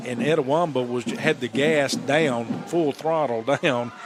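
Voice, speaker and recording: A man's voice: medium pitch, a little slow, music in the background. A man commenting on a football game from the booth in a loose, reflective, conversational way. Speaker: broadcast color commentator.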